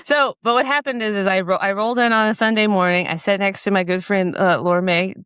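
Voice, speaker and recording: A woman's voice: medium pitch, fairly even intonation, fast, a bit bright, clear, resonant tone, no echo, studio quality. A woman author telling a story in casual podcast chat, chatty with lots of fillers. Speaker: author guest.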